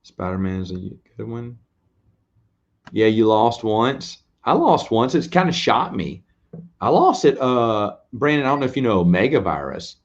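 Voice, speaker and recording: A man with a medium-pitched voice that swings widely in pitch speaks unhurriedly over dull audio. He hosts a laid-back late-night live stream, taking viewers' questions with rambling, self-deprecating answers and frequent laughter.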